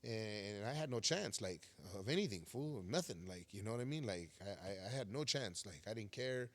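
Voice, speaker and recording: A man's voice: on the low side, lively intonation, brisk. Slangy, profane man telling prison stories. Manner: slangy, profane, calls listener fool and homie. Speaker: podcast guest, former federal prisoner. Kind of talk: casual storytelling.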